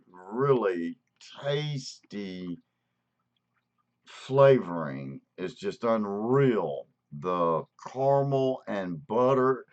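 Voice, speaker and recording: A Southern man with a fairly low voice hosts a casual livestream, talking slowly while his pitch swings widely. He greets viewers by name and stretches words out for emphasis. The stream audio sounds dull and lo-fi. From Alabama. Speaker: channel host.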